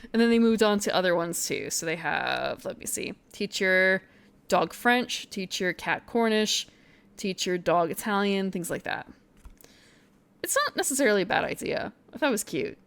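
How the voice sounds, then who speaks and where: A woman's voice: medium pitch, lively intonation, normal speed, creaky, a bit bright, clean tone. A woman streamer chatting casually on a live stream, thinking aloud, muttering to herself and sounding out foreign phrases.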